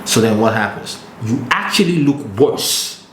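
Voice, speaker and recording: A man's voice: mid-range voice, expressive, unhurried, fairly bright tone, slight background noise. A man co-hosting a podcast in casual chat, emphatic and lecturing like a coach. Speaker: podcast co-host. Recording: roomy recording.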